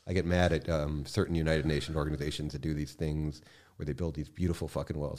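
A man speaking as a podcast guest in casual conversation, impassioned, swearing freely and swinging from quiet to loud bursts. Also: very deep voice, little pitch movement, fast.

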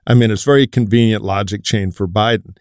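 A man's voice: fairly low pitch, steady tone, fairly quick, smooth, no echo, clean studio sound. Wry opinionated man hosting. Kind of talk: panel discussion.

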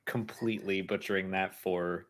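A man's voice: sits low, normal speed. A man co-hosting a live stream, chatting casually, laughing often and reading out viewer messages. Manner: animated, laughs often, reads super chats aloud. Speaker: podcast co-host.

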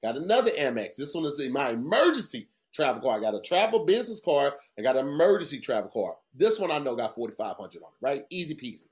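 A man's voice: mid-range voice, quick pace, hardly any pauses. A man co-hosting a podcast, telling a long story casually, swearing often and acting out what people said. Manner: profane, animated storytelling with voiced quotes. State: tired. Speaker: podcast co-host.

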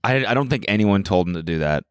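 A man's voice: fairly low pitch, expressive, quick pace, clean tone, no room sound, clean studio sound. A man chatting casually on a podcast, laughing a lot and riffing with mock quotes. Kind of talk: casual chat.

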